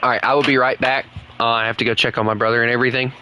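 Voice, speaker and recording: Delivery is flat and very fast from this medium-pitched man with a sharp tone, recorded with slight hiss or hum. A Southern US gaming streamer, he rambles casually to his viewers in live commentary, thinking aloud, dropping fillers and talking straight to chat.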